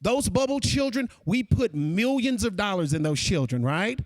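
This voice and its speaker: This keynote speaker, a man with a high voice and moderate pace, talks animatedly and straight to his conference audience, calling them folks. No echo is present.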